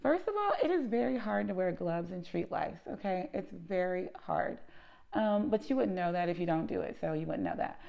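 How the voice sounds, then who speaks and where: A woman who runs a lice treatment business, telling an animated, emphatic storytime vlog and often tagging her points with "okay?". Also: fairly low pitch, moderate pace, vocal fry, dull audio.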